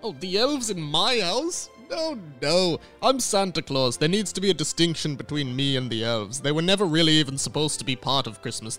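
A man's voice: medium pitch, fairly bright tone, natural voice. A man voicing a smug, callous old Santa Claus in an improvised comedy sketch. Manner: self-satisfied, dismissive, snaps insults.

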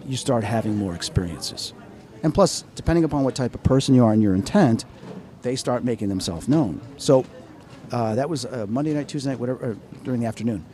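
A man, a paranormal researcher, telling a story in an excitable, dramatic way as a guest at an expo. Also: medium pitch. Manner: excitable, dramatic, quotes people in voices. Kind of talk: animated storytelling interview. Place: outdoors at an expo.

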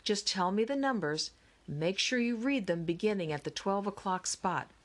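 A woman's voice: medium pitch, animated, moderate pace, lightly acted. A woman reading an audiobook, voicing an eager, impatient young girl. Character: eager impatient girl, sibling who sketches.

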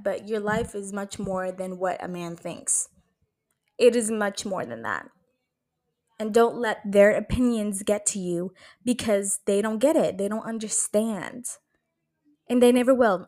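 A woman in her twenties hosts a casual solo podcast in a mid-range, darkish voice. She chats emphatically, swears freely, and fills her talk with "like" and "bro".

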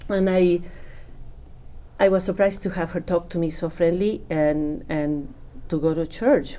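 A woman's voice: fairly low pitch, measured pace. Emotional woman telling a faith story. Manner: emotional, animated, acts out dialogue. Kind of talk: personal conversion story.

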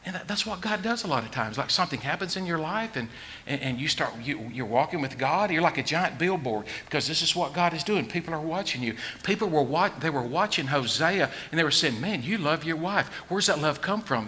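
A middle-aged man preaching a sermon in a folksy, joking way, dropping to a hush and rising to a shout. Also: on the high side, animated, a little fast, a little hiss or hum. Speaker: pastor.

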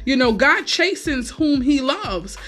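A woman with a high voice preaches a sermon in a conversational way, with frequent asides and restarts. Faint music plays quietly behind her. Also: big pitch swings, slow.

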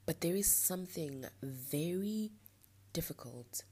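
Low husky young woman ranting candidly. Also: expressive, slow pace. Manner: candid, frustrated, ranting with soft laughs. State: blocked nostril. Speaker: podcast host. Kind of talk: late-night personal monologue.

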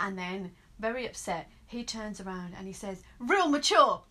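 Bright bubbly woman guest. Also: medium pitch, moderate pace. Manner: animated joke-telling, bubbly. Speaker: podcast guest. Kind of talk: casual chat.

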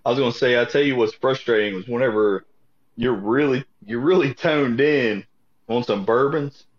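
Podcast co-host: young guy, mid-pitched, profane, laughs a lot, dull lo-fi mic. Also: moderate pace. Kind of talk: casual chat. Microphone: earpiece headset mic. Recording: dull lo-fi sound.

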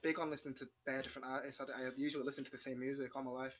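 Young man, podcast guest, fast, bright and emotional, swears casually. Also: medium pitch, a little hiss or hum. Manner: emotional, swearing, quick and animated.

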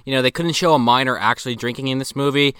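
A man's voice: mid-range voice, quick pace, a bit bright, clean tone, no echo, clean studio sound. A young man co-hosting a casual podcast, explaining a movie plot with crude jokes and laughing asides. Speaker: podcast co-host. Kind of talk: casual movie-recap banter.

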